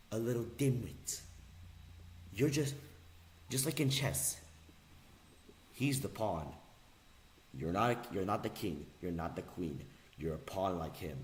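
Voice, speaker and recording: A man's voice: medium pitch, pushed and bright, a little hiss or hum. A man giving an angry, sarcastic vlog rant, swearing and repeating phrases for emphasis. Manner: heated, sarcastic, profane. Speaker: vlogger. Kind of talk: angry ranting monologue.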